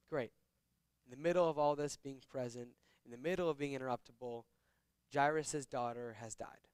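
Guy doing a chill bible lesson, smooth voice, dry close mic, reads verses then just talks. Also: medium pitch, no room sound. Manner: reads verses slowly then explains in casual, conversational asides. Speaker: Bible teacher. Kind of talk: Bible teaching with scripture reading.

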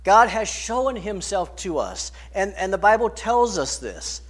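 High-voiced man preaching a sermon. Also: big pitch swings, unhurried. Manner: emphatic preaching with swings in loudness and pace. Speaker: pastor.

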